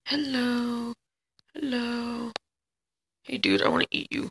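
A man giving let's play commentary as a channel host, excitable, chattering at the other players and yelping when chased. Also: very high-pitched, slow pace, a little hiss or hum, low-quality recording.

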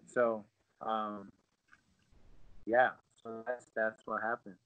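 Animated man telling a fight story. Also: lowish voice, very slow. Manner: animated, acts out quotes with lots of fillers. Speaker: guest, former pro fighter. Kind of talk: casual storytelling. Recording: dull lo-fi sound.

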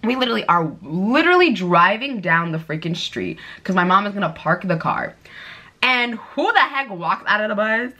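A woman's voice: medium pitch, sing-song, normal speed, bright, forceful tone. Chatty young woman doing her makeup. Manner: chatty, bubbly storytelling with lots of fillers. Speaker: beauty vlogger. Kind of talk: casual chat while doing makeup.

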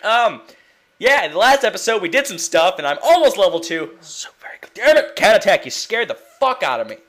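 Young man, game commentary, animated swooping pitch, bright forceful tone, rambling and excitable. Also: a little fast. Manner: rambling, excitable, swears and laughs often. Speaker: let's play gamer. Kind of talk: casual gameplay commentary.

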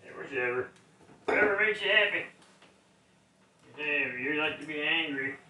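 Rambly streamer guy cussing casually, super bright voice, kinda far from the mic. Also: fairly high pitch, animated, moderate pace. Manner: rambling, swears casually, chuckles between remarks. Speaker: livestream host. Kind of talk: casual chat. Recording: echoey room, mic at a distance.

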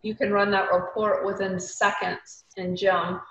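A woman's voice: medium pitch, little pitch movement, a little slow, a little hiss or hum. Southern woman explaining on an echoey call. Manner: chatty, explanatory, full of fillers. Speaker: recruiter on a panel. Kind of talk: casual panel discussion. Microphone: video call. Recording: muffled echoey video call audio.

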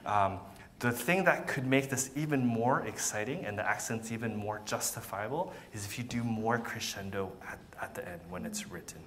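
A man's voice: on the low side, normal speed, a bit bright, slight background noise. A man teaching a violin masterclass, encouraging and patient, often repeating words and counting beats aloud. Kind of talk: masterclass coaching.

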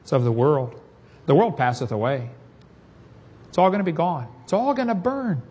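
A Southern preacher with a husky voice, pitched a little high for a man. He preaches in a folksy, storytelling way and slips jokes in between the scripture. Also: lively intonation, moderate pace, a little mellow, highs cut off. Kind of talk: sermon.

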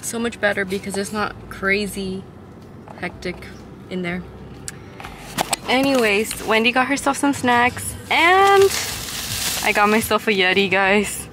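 Slow-talking young woman vlogger. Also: mid-range voice, animated, background noise. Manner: chatty, enthusiastic, addresses viewers. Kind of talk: casual vlog chat. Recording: music playing behind.

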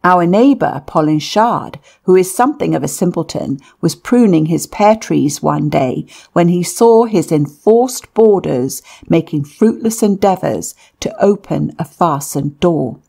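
A woman narrating a memoir-style audiobook in a measured, deliberate reading. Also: lowish voice, animated, gravelly, dark tone, slightly rough.

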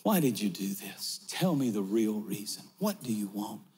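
A male pastor acting out a stern ancient king who questions his queen in a low, hushed voice. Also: big pitch swings, moderate pace, slight background noise. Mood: hushed demanding.

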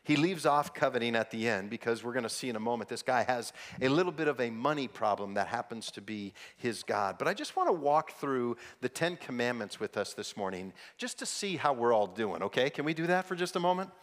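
A man's voice: lively intonation, a little fast, few pauses. A man preaching a sermon as pastor, earnest and conversational, often repeating words and prompting the congregation to respond. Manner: soft, low prayer voice.

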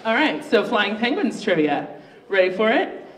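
A host running a live student pitch contest in a university library event room. The host is chatty and upbeat and pokes fun at their own slip-ups. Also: very animated, normal speed, a bit bright, far from the mic, a little hiss or hum. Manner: upbeat, chatty, self-mocking. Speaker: game show host. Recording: roomy, echoey room recorded from afar.

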